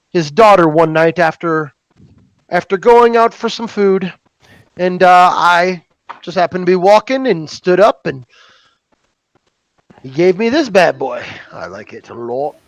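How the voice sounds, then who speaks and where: A man's voice: sits high, no echo, low-quality recording. A man voicing a blunt, plainspoken hired swordsman in a tabletop game.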